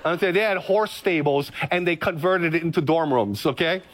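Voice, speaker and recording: A man, a pastor preaching an energetic sermon full of personal stories. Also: a little high. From Hawaii. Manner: energetic, storytelling with dramatic pauses.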